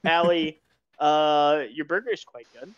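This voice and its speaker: A man narrating a tabletop game as game master, relaxed and chuckling with lots of fillers. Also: a little high, measured pace, no room sound. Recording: dull lo-fi sound.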